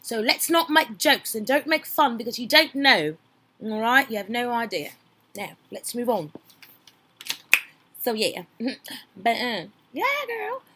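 Young woman, sassy gossip commentary, bright edgy tone, faint hiss behind. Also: a little high, unhurried, long pauses. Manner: sassy, animated, gossipy, swings between loud outbursts and mumbling asides. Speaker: podcast host reacting to a reality show. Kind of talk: casual reaction commentary.

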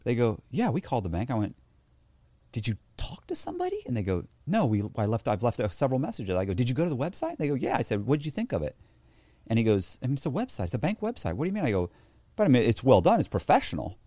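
A man's voice: mid-range voice, racing, no room sound. A man telling a story in a casual interview, acting out the voices of the people he quotes. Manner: animated, acts out quoted voices. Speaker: interview guest.

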